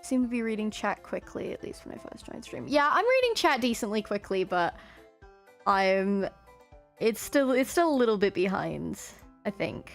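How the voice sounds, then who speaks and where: A woman's voice: medium pitch, very animated, normal speed, creaky, faint music behind. A young woman hosting a live stream on a headset, chatting casually, greeting viewers and reading chat aloud. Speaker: streamer host.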